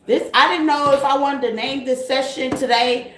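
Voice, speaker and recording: A woman's voice: sits high, steady tone, moderate pace, a bit bright. A woman hosting a tarot live stream, chatting casually and greeting her viewers with terms like baby and honey. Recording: echoey room, faint noise.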